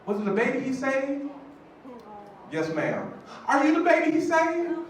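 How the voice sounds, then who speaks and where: A man's voice: sing-song, fast. A man putting on an older church lady shrieking praise, her voice leaping far above his own. The sound carries through an echoey hall, caught from far off with a layer of background noise. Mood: astonished. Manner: high shrieking cries of praise. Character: older churchgoing woman, overjoyed and wailing praise.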